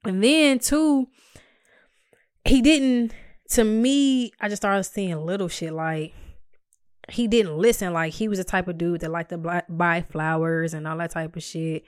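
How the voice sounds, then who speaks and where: A young woman casually telling a personal story, blunt and profane, getting animated as she goes. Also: fairly low pitch, measured pace, clean tone, no echo, clean studio sound.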